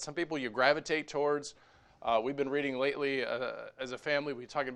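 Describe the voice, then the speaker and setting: A man preaching a sermon as pastor, moving between quiet conversational asides and raised, emphatic exhortation. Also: medium pitch.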